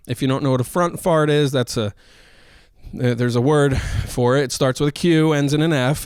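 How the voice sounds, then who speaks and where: Man, podcast host, rambling comic storytelling, smooth clear voice, dry close sound. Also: mid-range voice, dry recording. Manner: rambling, self-mocking, with goofy asides. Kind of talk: solo comedic storytelling.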